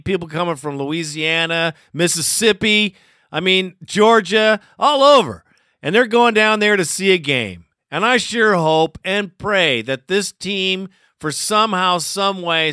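A man with a high, bright voice hosts a sports podcast and rants about a loss. The sound is crisp and dry, with no room around it. He talks casually, frustrated but still laughing now and then. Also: no room sound. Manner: frustrated, ranting, with a laugh in his voice. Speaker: podcast host. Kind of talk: casual postgame commentary.

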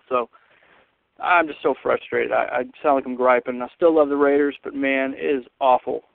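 A man's voice: medium pitch, fairly even intonation, moderate pace, creaky, no echo. A man from Texas calling in to a fan show, venting frustration with sighs and griping. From Texas, USA. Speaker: caller. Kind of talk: voicemail rant. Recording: tinny phone line.

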